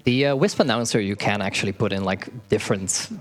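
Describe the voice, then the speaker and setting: A man's voice: on the low side, brisk. A man casually explaining his game as he plays it live, laughing often and tripping over words. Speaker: speedrunner. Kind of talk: live speedrun commentary. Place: marathon event stage. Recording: faint game music behind. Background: faint game music.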